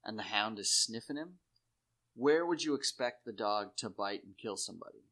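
A man talking in rambling, profane casual chat, jumping into high put-on voices to act out scenes. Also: normal speed. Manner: animated, acts out characters in high put-on voices. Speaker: podcast co-host.

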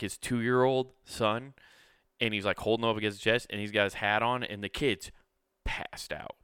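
A man's voice: on the low side, a bit bright, clear, resonant tone, no echo, studio quality. A young man hosting a podcast, telling a casual, rambling story full of swearing and restarts. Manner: laid-back, profane, rambling with many restarts. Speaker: podcast host.

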